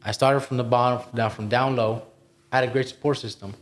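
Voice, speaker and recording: An adult man cohosting a podcast tells his own life story in a candid, motivational way. He leans hard on his points, swears freely and keeps throwing in "bro" and "man." His voice sits in an ordinary middle pitch. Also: fairly even intonation, a little fast. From immigrated to the United States as a child. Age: adult, past twenty-one. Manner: emphatic and motivational, swears and says "bro" often.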